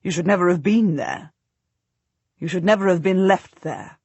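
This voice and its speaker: A woman's voice: on the low side, moderate pace, a little mellow, husky, no room sound, dull audio. A woman reading the lines of an earnest, loving knight husband in an audiobook. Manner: earnest, emphatic.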